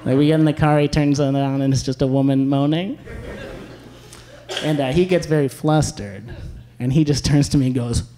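A young man performs a stand-up set live, his delivery dry and wry with quick asides, as the audience laughs behind him. His voice is fairly high and warm.

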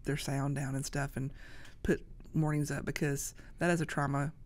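A woman guest on a podcast, talking in a casual, halting way with many restarts. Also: very deep voice, flat delivery, darkish tone. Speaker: guest, social media creator. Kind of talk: casual interview talk.

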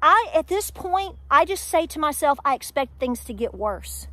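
A woman's voice: sits high, very animated, normal speed, pushed and bright, no echo. A middle-aged woman with an Appalachian accent, talking straight to her viewers in an emphatic, preachy way full of rhetorical questions. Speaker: homestead vlogger. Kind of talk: candid talk to camera.

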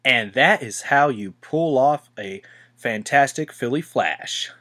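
A man's voice: medium pitch, lively intonation, slow, pushed and bright. A man reading a storybook aloud, voicing a brash, cocky tomboy mare pegasus who whoops and boasts. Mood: smug.

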